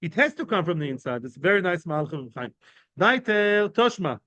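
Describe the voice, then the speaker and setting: A man teaches Talmud casually to a class of men, explaining each term with everyday examples and frequently asking "right?" and "yeah?". His high voice swings widely in pitch, moves a little fast and sounds pushed and bright. There's no echo.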